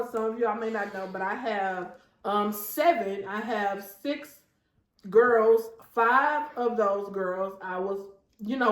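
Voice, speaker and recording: A woman in her thirties hosts a casual faith talk show, chatting warmly and earnestly to her viewers. Her voice sits fairly high. The room around her echoes noticeably. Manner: chatty and heartfelt, often addressing viewers as y'all. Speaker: host.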